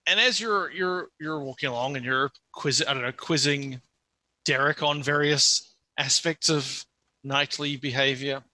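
Guy dm'ing a tabletop game, super bright voice, kinda high, dry close sound. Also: unhurried, no echo. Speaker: game master.

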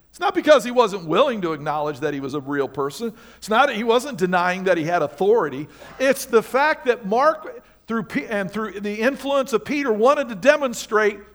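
A man's voice: very high-pitched, a bit bright. A male pastor preaching a sermon in church, speaking emphatically and questioning the congregation directly. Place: church sanctuary.

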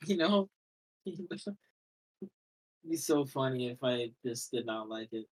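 A man's voice: medium pitch, lively intonation, rough recording. Giggly teasing male podcast co-host. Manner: giggly, teasing, halting restarts. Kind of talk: casual podcast chat.

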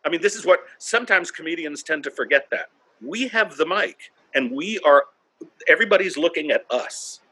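A man's voice: fairly high pitch, expressive, normal speed, pushed and bright, husky. A man who does stand-up comedy, telling blunt stories from the stage and swearing freely in a casual interview. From North Carolina, US.

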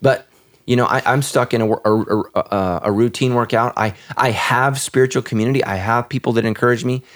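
A man's voice: mid-range voice, brisk. A man who is a pastor and podcast host, talking earnestly, often repeating words and restarting. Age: adult with children. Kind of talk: casual podcast conversation.

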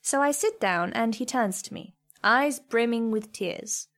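Soft-spoken woman narrating a story. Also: a little high. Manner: soft, measured, reflective. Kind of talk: first-person story narration.

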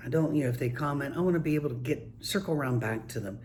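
An older man tells wry, folksy anecdotes in a relaxed monologue. His voice sits in an ordinary middle pitch for a man. A faint hiss runs under the recording. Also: very fast. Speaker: grandfather telling stories. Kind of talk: casual storytelling monologue.

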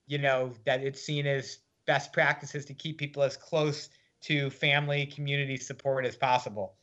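Bright-voiced man reading and chatting. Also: fairly high pitch, lo-fi sound. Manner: reads with dry wit, casual fillers in talk. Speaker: guest, author. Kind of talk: conversational interview and book reading.

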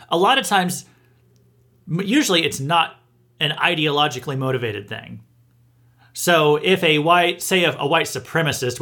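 A man's voice: on the high side, pushed and bright. A man hosting a podcast, giving indignant news commentary with emphatic restarts. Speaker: podcast host.

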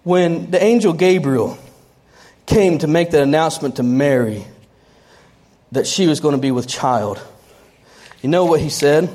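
Woman preacher, sermon delivery, animated and conversational, quick asides. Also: sits low.

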